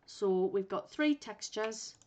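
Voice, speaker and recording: A woman instructor guiding learners step by step through a software tutorial, thinking aloud as she works. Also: medium pitch, expressive, takes it slowly, a little hiss or hum. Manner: patient, thinks aloud while working. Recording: muffled lo-fi recording.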